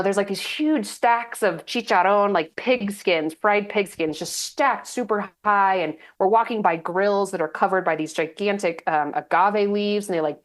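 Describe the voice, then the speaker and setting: A woman in her thirties from Texas, a guest telling stories in a chatty, animated way with lots of fillers. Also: medium pitch. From Texas, United States. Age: 30s. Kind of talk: casual interview storytelling.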